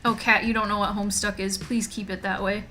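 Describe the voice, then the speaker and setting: A woman streaming from home, chatting loosely and joking with her chat in a bright, clear tone. Faint music plays softly beneath her voice. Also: medium pitch, level tone, brisk.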